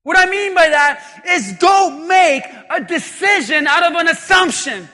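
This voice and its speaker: A man preaching a sermon in an emphatic, often shouting manner, calling out to the congregation. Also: very high voice, unhurried, long reverb tail. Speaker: pastor.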